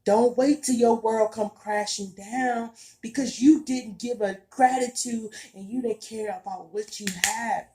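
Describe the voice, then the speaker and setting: A woman speaks straight to her viewers about spiritual growth in a casual, heartfelt way. She talks slowly, leaning on repetition for emphasis, and her voice has a dark, mellow tone. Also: on the high side, steady tone. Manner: earnest and emphatic, repeats herself, casual colloquial speech. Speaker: spiritual vlogger.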